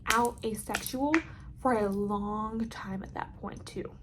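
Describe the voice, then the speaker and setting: A young woman telling a storytime vlog in an animated, dramatic way, swearing freely. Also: medium pitch, slow, slight background noise. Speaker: vlogger.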